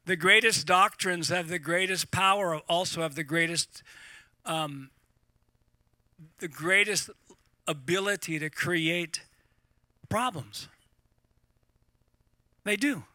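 A middle-aged man preaching to a live congregation, animated and repeating words as he talks. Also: high-pitched, slow, pauses often, no echo. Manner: animated, repeats words, laughs at own points. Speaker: pastor.

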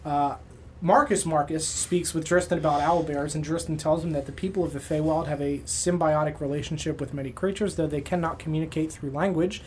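A man's voice: a little high, fairly even intonation, a little fast, a little hiss or hum. A man acting as game master, recapping the last session casually with many filler sounds.

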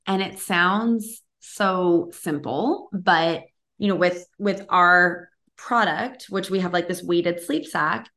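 A woman's voice: fairly low pitch, takes it slowly, bright, forceful tone. A woman in her thirties hosting a podcast, chatting in an effusive, casual way with lots of fillers. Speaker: podcast host. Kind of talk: casual interview chat.

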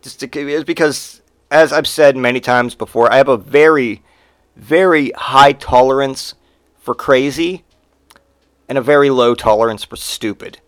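A man's voice: mid-range voice, a little slow, smooth, dry recording, studio quality. A man hosting a podcast, telling rambling, profane stories in a casual monologue. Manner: rambling and profane, with frequent swearing. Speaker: podcast host.

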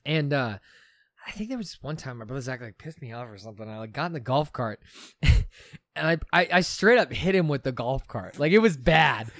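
A man's voice: medium pitch, brisk, no echo. A young man in casual chat, telling stories animatedly with plenty of fillers. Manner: animated storyteller, lots of fillers.

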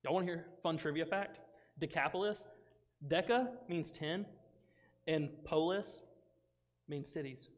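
A man gives a casual, animated youth sermon, acting out the voices of friends and Bible characters. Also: fairly high pitch, measured pace, long pauses. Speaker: youth pastor. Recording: dull sound with long reverb in a hall.

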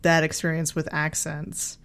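A woman co-hosting a podcast, chatting in a relaxed, conversational and amused way. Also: sits low, measured pace. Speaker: podcast co-host. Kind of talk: casual chat.

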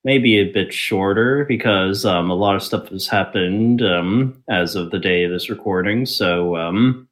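A man's voice: deep voice, a little slow. A man hosting a tabletop game show, opening casually with many filler ums. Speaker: game master and host.

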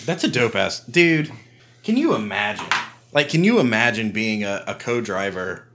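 A man's voice: lowish voice, expressive, moderate pace, noisy background. A man in casual podcast chat, arguing his side step by step and swearing casually. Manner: argumentative, lays out points in order.

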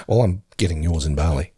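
A man co-hosting a casual chat, relaxed, with short reactions and asides. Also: sits low, slightly rough, dry recording, studio quality. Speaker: podcast co-host.

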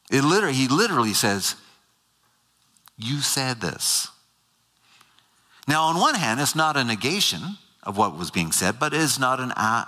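Explaining scripture to a live audience, this man has a mid-range voice with a sharp tone. He is emphatic, often repeating and stumbling over his words, and a long hall reverb trails behind him.

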